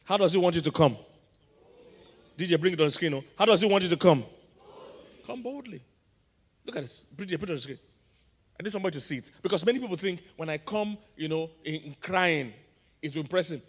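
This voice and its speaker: Nigerian male pastor, lively call-and-response sermon, higher-pitched, reverberant church hall. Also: fast talker. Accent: Nigerian English. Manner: call-and-response preaching, quizzing the congregation. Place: large church auditorium.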